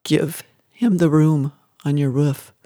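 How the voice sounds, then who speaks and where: A reader voicing the voice of God, slow, measured and commanding. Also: medium pitch, steady tone, dark tone, no room sound, clean studio sound, close to an everyday voice. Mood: calm command.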